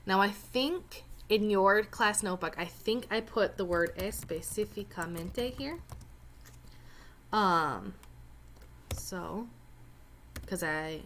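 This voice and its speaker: A woman's voice: mid-range voice, slow pace, long pauses, a bit bright, a little hiss or hum. A woman teacher explaining a Spanish reading step by step, with chatty joking asides. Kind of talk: recorded lesson walkthrough.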